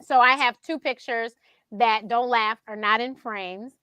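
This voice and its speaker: High, bright woman telling stories. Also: measured pace, clean tone, dry recording. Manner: animated, acts out quotes in a higher voice; laughs often mid-sentence. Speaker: show host being interviewed. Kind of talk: casual storytelling.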